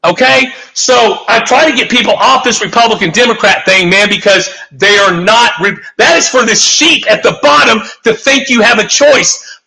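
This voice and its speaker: A man's voice: sits high, sharp tone, rough recording. A man on a talk show giving a heated, profane, rambling rant, full of emphatic restarts. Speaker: guest.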